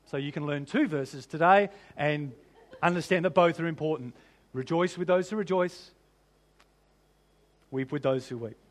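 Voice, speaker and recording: High-voiced preacher. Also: male voice. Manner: animated and humorous, laughs often, piles up rhetorical questions. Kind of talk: sermon.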